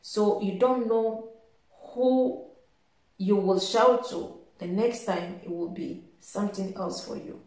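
A woman calmly telling a personal story in a casual, halting way, with frequent restarts. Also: medium pitch. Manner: calm, halting, many restarts. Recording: echoey room with faint music.

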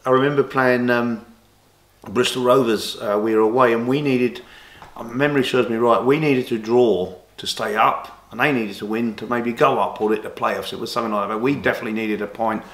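A man's voice: mid-range voice, brisk. Chatty man in a roomy space. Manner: rambling anecdotes with many restarts, animated when quoting others. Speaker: interview guest, former boxer and golfer. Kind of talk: casual storytelling interview.

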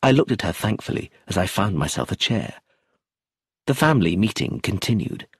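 A man's voice: fairly low pitch, big pitch swings, moderate pace, breathy edge, no echo, clean studio sound. A man narrating a mystery novel aloud, changing his voice for each character. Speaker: audiobook narrator. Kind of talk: storybook reading.

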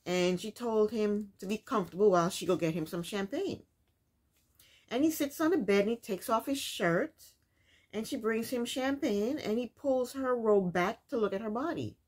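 A woman's voice: medium pitch, moderate pace, darkish tone. A woman casually recapping a reality TV episode, with incredulous, opinionated commentary and rhetorical questions.

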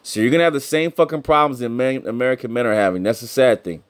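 A man's voice: medium pitch, fast. A middle-aged man giving blunt, heated, profane commentary, often repeating himself. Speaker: commentator reacting to clips.

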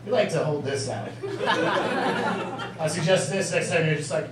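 A man doing stand-up tells his stories haltingly and giggles through them, his voice slightly high. The sound is echoey and distant, with a loud crowd laughing. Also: very animated. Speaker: stand-up comic.

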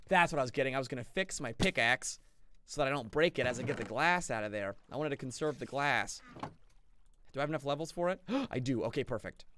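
A young man streams a game and banters with his chat in a playful, goofy way. His voice sits high and jumps around a lot in pitch. He gets excitable and shifts his energy constantly. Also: a little hiss or hum. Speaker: gaming streamer. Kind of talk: live-streamed gameplay commentary.

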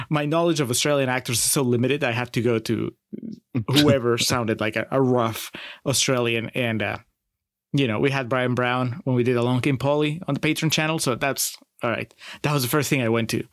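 A man's voice: mid-range voice, fairly bright tone, dry recording, clean studio sound. A man co-hosting a casual film podcast, chatty and enthusiastic, asking his partner questions. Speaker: podcast co-host.

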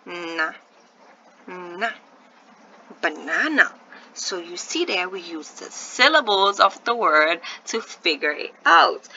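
A woman with a medium-pitched, pushed and bright voice teaches a first-grade video lesson, patiently sounding out words syllable by syllable and encouraging her young viewers. The audio has its highs cut off and slight background noise.

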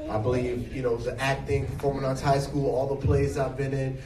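A man in his forties, an actor being interviewed, telling stories in an animated, jokey way. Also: mid-range voice, fairly quick, a crowd in the background. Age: 40s. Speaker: actor guest. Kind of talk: casual interview. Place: event hall with an audience. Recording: echoey hall, distant mic, noise.

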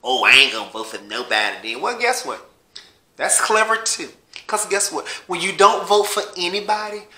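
A man's voice: mid-range voice, pushed and bright, roomy sound. A man in a blunt, heated political rant, cursing heavily and mocking his listeners. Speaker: vlogger.

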